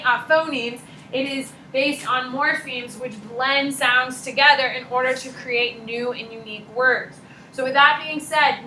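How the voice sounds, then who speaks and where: A woman teacher giving a jokey, animated classroom lecture to her students. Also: high voice. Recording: echoey classroom with background noise.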